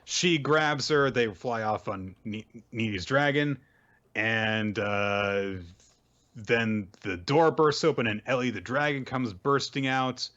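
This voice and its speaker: A man's voice: medium pitch, a bit bright. Man recapping manga over dull audio. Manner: loose retelling with many fillers, puts on quick voices for characters. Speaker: podcast host. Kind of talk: casual chat recapping manga.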